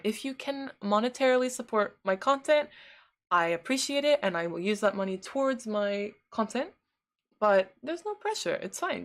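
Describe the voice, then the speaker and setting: A woman livestreaming from home, casually chatting and answering viewer messages, laughing often. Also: medium pitch.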